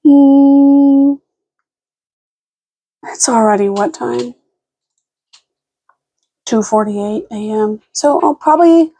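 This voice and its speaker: Speaking in a medium-pitched, dark-toned voice, this young vlogger rambles through a casual late-night video at home. She comes across as frazzled and talkative, breaking off now and then to baby-talk her dogs.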